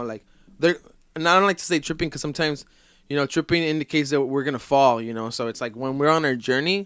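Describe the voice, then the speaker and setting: A man's voice: a little high, fairly bright tone, clear, resonant tone, dry recording, studio quality. A man chatting casually as a podcast guest, rambling loosely with lots of fillers.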